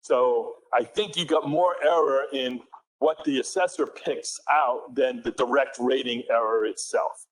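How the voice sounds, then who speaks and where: In a roughly recorded technical talk, a conference presenter with a New England accent speaks at a mid pitch in a laid-back, conversational way. He frequently corrects himself partway through sentences and quizzes the audience.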